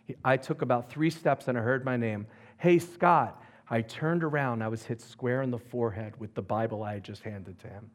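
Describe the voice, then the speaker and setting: A man who works as an evangelist tells a personal story as a testimony. He talks in an animated way and acts out the lines of the people in the story. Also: mid-range voice, a little fast, hardly any pauses. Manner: animated, acts out quoted dialogue.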